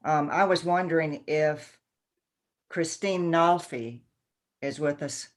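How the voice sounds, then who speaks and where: Low-pitched woman presenter, effusive, video call. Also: steady tone, normal speed. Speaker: event presenter. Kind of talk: announcing book selections.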